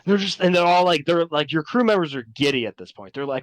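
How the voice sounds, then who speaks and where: A man's voice: a little high, fast, no echo. A man narrating as game master in a tabletop game, talking casually with many fillers and restarts.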